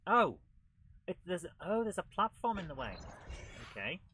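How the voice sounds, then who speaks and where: A man hosting a retro gaming show, giving chatty, excitable commentary while he plays. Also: high-pitched, moderate pace, a little hiss or hum, rough recording. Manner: chatty and excitable, with frequent laughs and exclamations. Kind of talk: live gameplay commentary.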